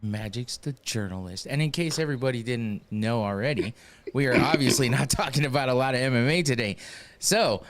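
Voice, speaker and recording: A man hosts a podcast in a loose, casual way. He throws in short jokes and quick asides while others talk, then explains what the show is about. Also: medium pitch, background noise. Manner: joking interjections, quick asides. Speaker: podcast host. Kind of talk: casual chat.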